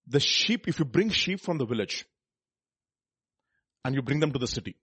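Husky-voiced male preacher, animated. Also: medium pitch, normal speed, dry recording. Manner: emphatic, asks the listeners rhetorical questions; reads scripture aloud between comments. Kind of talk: sermon.

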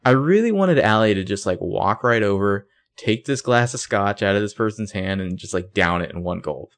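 A man with a fairly low voice talks casually about a show, quick and sarcastic. He slips into the characters' lines as he goes. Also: animated. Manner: chatty, sarcastic, acts out quoted lines. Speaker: podcast co-host recapping a TV episode. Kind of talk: casual chat.

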